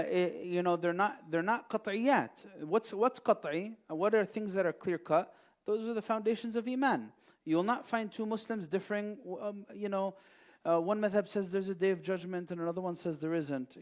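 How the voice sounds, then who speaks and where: A man taking questions at a mosque, explaining at length with many pauses and quotes recited in Arabic. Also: high voice. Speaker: imam answering questions. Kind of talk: religious Q&A talk. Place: mosque hall.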